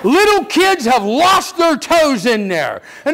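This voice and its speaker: An older man preaching a sermon, telling stories with lively energy and sudden shouts. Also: extremely high pitch, takes it slowly, vocal fry, crowd noise, background noise. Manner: animated storytelling, acts out children's voices, bursts into shouts. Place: church sanctuary.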